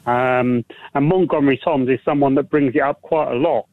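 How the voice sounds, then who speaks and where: A man from Wales calling in to a radio show, speaking haltingly with many restarts and fillers. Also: medium pitch, fairly even intonation. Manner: halting, repeats words, fillers. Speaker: caller. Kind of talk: phone-in call. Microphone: telephone. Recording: tinny dry phone line.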